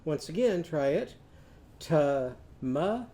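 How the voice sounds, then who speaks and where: Guy teaching little kids their letter sounds, kinda high but mellow voice, drags out the sounds for them to copy. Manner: models speech sounds slowly and leads the class to repeat. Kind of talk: animated literacy lesson for children.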